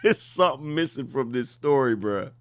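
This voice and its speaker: Hosting reaction commentary, a man in his forties sounds mocking and incredulous as he repeats one question over and over. He speaks at a normal speed in a medium-pitched voice with lively intonation.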